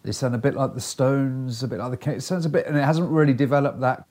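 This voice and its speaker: A man's voice: medium pitch, fairly even intonation, fast talker, darkish tone. A man co-hosting a casual music podcast, talking through albums at length in a chatty, rambling way. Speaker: podcast co-host.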